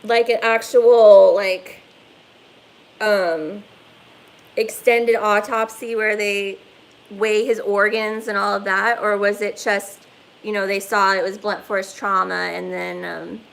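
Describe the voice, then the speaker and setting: A woman's voice: mid-range voice, flat delivery, slow, creaky, rough recording. A woman hosting a casual livestream from her phone, rambling and swearing, with lots of "like" fillers. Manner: rambling, profane, heavy "like" fillers. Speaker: livestream host.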